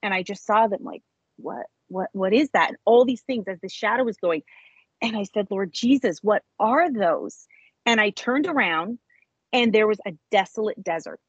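A woman telling an emotional personal testimony as an interview guest, animated, her voice jumping high when she acts out moments. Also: no echo, muffled recording. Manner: animated storyteller, voice jumps high when reenacting.

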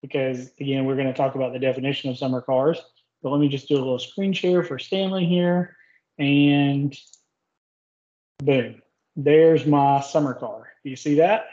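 A man with a Southern US accent, co-hosting a casual car podcast in a relaxed, joking way with many fillers. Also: mid-range voice, normal speed. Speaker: podcast co-host. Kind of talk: casual chat. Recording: dull lo-fi sound.

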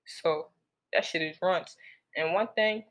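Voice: mid-range voice, slow pace, a bit bright, slight background noise. Blunt, profane monologue speaker. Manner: blunt, profane, repetitive, heavy slang. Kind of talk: casual unscripted monologue.

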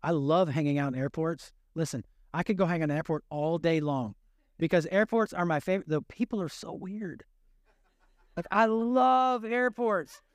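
A man's voice: sits high, clear, resonant tone, no echo, studio quality. A man preaching a sermon in a humorous, self-deprecating storytelling way, acting out conversations. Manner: animated, shifting pace.

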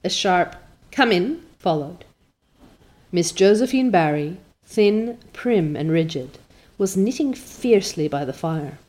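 A woman's voice: mid-range voice, darkish tone. Woman narrating a storybook. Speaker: audiobook narrator. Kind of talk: scripted narration.

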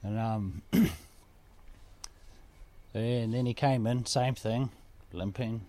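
A man's voice: mid-range voice, steady tone, slow pace, warm tone. A man telling a personal story in a casual chat, vivid and repetitive, swearing freely. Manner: vivid, swearing, repeats phrases for effect.

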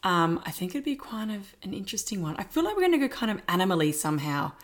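A woman co-hosting a podcast in casual chat, teasing and quick to laugh, thinking out loud. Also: medium pitch, very animated. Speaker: podcast co-host.

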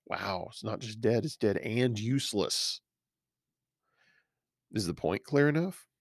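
A man's voice: on the low side, gravelly, dry recording, studio quality. A man, a pastor, teaching a verse-by-verse Bible study in a conversational way, reading scripture aloud and stopping to comment on it. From Texas.

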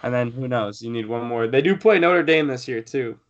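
Young dude on a sports podcast, rambly, lots of ums, average voice. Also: male voice, medium pitch, normal speed, muffled recording. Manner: rambling, frequent fillers and restarts. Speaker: podcast co-host. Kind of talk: casual sports chat.

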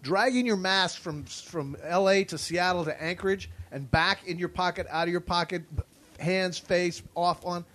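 A man with a high voice, a guest on a podcast recorded in a hotel room. He makes his points with force and keeps cutting in to back up the host. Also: normal speed, a bit bright. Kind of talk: casual chat.

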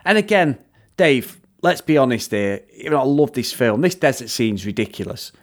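A man in an easygoing film chat, his voice sitting at an ordinary middle pitch. He runs through scenes eagerly, cursing now and then and laughing as he goes. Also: normal speed. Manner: animated, swears, laughs often, retells scenes at length. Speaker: podcast co-host reviewing films. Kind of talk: casual chat.

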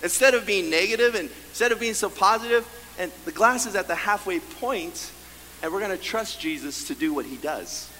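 A man preaching a sermon as pastor, animated, acting out the voices of his congregation. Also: high-pitched, moderate pace, a little hiss or hum. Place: church sanctuary. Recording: long hall reverb, faint room ambience.

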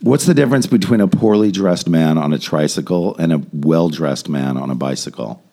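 A man's voice: a bass voice, normal speed, warm tone. A man joking around in a casual chat with friends, wry and teasing.

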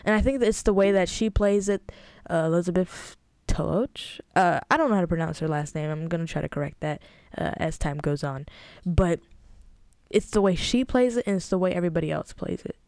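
A woman's voice: lowish voice, a little fast, darkish tone, dry recording, clean studio sound. A young adult woman hosting a podcast, reviewing a TV episode in a chatty, emphatic way with exasperated asides. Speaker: podcast host. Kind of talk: casual TV review monologue.

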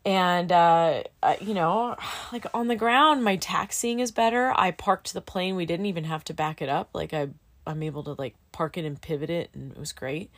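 A woman's voice: fairly low pitch, normal speed. A middle-aged woman and student pilot in casual chat, candid and emotional, with plenty of fillers like "like" and "dude.".

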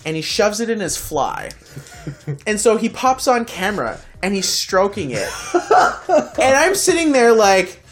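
A podcast co-host spinning a story in loose, casual chat. The delivery is animated and full of swearing, and slips into the voices of the people in the tale. The pitch sits in the middle, with faint music underneath. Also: measured pace.

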